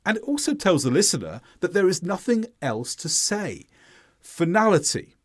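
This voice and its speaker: A man teaching an English lesson, speaking clearly and deliberately with lively intonation. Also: high voice.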